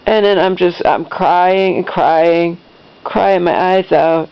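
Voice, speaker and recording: Middle-aged woman vlogger, emotional rambling storyteller, slight fry, muffled low-fi sound. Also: slow. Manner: rambling, emotional retelling with restarts. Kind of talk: personal storytelling to camera.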